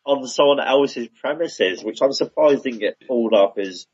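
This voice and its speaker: A man co-hosting a podcast, giving measured, opinionated takes in casual chat about a TV show. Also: mid-range voice, animated, lo-fi sound. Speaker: podcast co-host.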